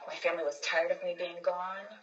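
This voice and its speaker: Low-voiced woman telling her story earnestly. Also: little pitch movement, a little fast, dull audio. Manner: rambling, with many restarts and repeated words. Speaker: livestream host. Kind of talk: casual livestream testimony.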